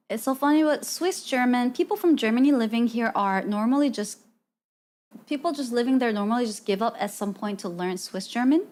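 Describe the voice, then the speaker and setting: A woman with a high voice talks casually to her live-stream chat. She laughs often, reacts to comments and rambles in loose, restarting sentences full of fillers. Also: moderate pace, long pauses, a little mellow. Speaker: VTuber streamer.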